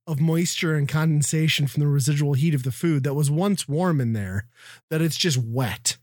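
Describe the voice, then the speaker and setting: A man's voice: on the high side, moderate pace, darkish tone, no echo, studio quality. Exasperated middle-aged Midwestern man ranting. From American Midwest. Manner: exasperated, profane, venting. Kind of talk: casual storytelling rant.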